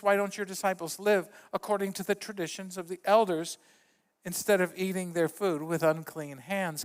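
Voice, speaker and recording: A middle-aged male pastor preaching a sermon in a church, telling stories with lively voice shifts for the quotes. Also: sits high, in a large hall. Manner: animated storyteller, acts out quotes with voice shifts. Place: church sanctuary.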